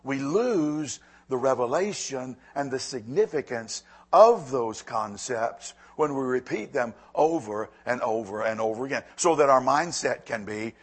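A man's voice: medium pitch, expressive, measured pace, hardly any pauses, husky. A man preaching a sermon, earnest and repeating phrases for emphasis. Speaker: pastor.

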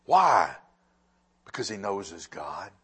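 A man preaching a sermon as pastor, swinging between loud emphatic lines and hushed, quiet ones. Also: sits low, very animated, slow, husky.

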